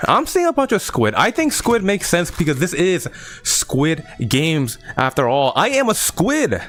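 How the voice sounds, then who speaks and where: Lively, chatty young streamer guy. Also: fairly high pitch, a little slow. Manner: chatty, addresses chat, rambling and playful. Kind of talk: casual live-stream snack review. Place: at a table at home.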